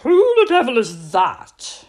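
A woman voicing a grumpy, reclusive old man in a storybook read-aloud, with loud, barking lines. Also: high voice, huge pitch swings, takes it slowly, pitched above the performer's own voice, heavily acted. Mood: gruff.

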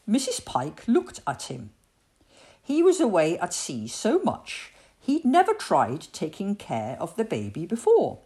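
Woman, storybook reader, low voice, lively melody, slow pace. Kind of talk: children's storybook reading.

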